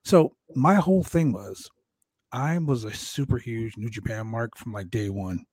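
A man's voice: medium pitch, measured pace, darkish tone, breathy edge, no echo. Profane, storytelling man in a dry room. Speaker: podcast host. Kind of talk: casual interview chat.

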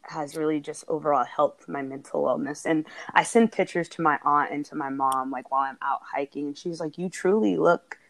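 A woman's voice: low voice, fairly even intonation, a little fast, few pauses. A woman co-hosting a podcast, talking in a casual, earnest and heartfelt way, often laughing as she speaks. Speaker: podcast co-host.

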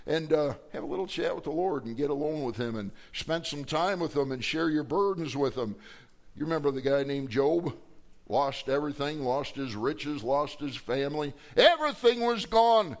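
A middle-aged man, a pastor, preaching a sermon in a folksy, conversational way, his voice jumping up when he acts out prayers and questions to God. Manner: folksy and conversational, acting out quoted prayers with rising pitch.

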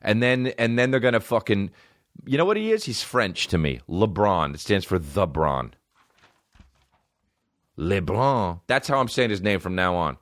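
A man's voice: lowish voice, very animated, normal speed, fairly bright tone, dry recording. A young adult man hosting a comedy podcast, riffing in a profane, ranting monologue.

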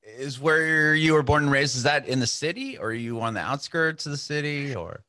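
A man's voice: fairly high pitch, normal speed, pushed and bright, dry recording, clean studio sound. A man hosting a podcast over a video call, upbeat and laid-back, calling things awesome and rad. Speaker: podcast host.

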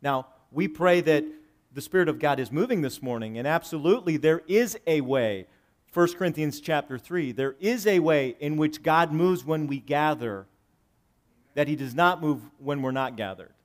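Male pastor, somewhat high voice, preaches with big swings from loud to hushed, reads scripture and unpacks it plainly. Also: animated, moderate pace. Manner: dynamic preaching, swinging between loud emphasis and hushed low lines; reads scripture aloud and paraphrases it conversationally. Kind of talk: sermon.

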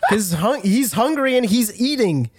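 A woman's voice: on the high side, sing-song, unhurried, darkish tone, breathy edge. A woman playing a tabletop game in a giggly, chatty way. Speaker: player. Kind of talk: casual tabletop play.

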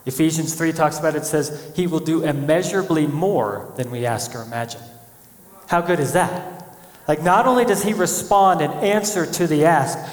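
A man preaching a sermon as pastor, animated, acting out quoted voices as he speaks. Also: on the high side, normal speed. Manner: animated, acts out quotes of God and people. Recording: echoey church hall.

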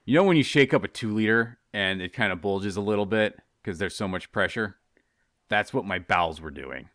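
A man's voice: low voice, lively intonation, fairly quick, pushed and bright, no echo, clean studio sound. A man co-hosting a casual chat, joking and laughing often while telling stories. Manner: jokey, laughs a lot, does silly voices. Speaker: podcast co-host.

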